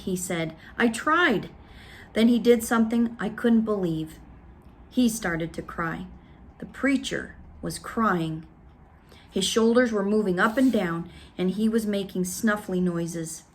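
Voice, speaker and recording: A woman's voice: mid-range voice, measured pace. Woman reading a children's book aloud. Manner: steady, expressive first-person narration. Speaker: storybook reader.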